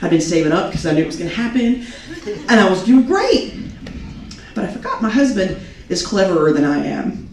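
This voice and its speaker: A woman's voice: on the low side, a little fast. A young woman performing a stand-up comedy set, telling self-mocking stories and acting out quotes. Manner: animated, self-mocking storytelling with acted quotes. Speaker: stand-up comic. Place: comedy club stage. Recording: echoey club recording from a distance, crowd noise. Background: audience laughing.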